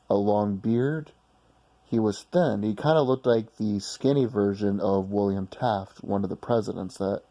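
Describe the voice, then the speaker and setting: A man's voice: on the low side, mellow. A man casually telling a personal story in a rambling, blunt way with some swearing.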